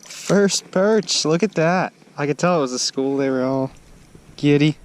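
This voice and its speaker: An excitable man talking casually to the camera, outdoors on a frozen lake, with a faint outdoor hush behind him. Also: a little high, a little slow. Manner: excitable, exclaims loudly when he lands a fish. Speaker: angler filming his fishing trip. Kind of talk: casual running commentary.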